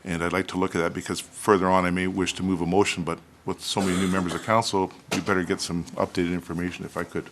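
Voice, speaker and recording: A man with a very low voice addresses the chair formally. He asks staff for figures in a polite, meandering way, hesitating often. Faint noise sits under the recording. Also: little pitch movement, fast talker, hardly any pauses, fairly bright tone. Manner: polite and procedural, with frequent fillers. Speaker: councillor. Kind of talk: council debate.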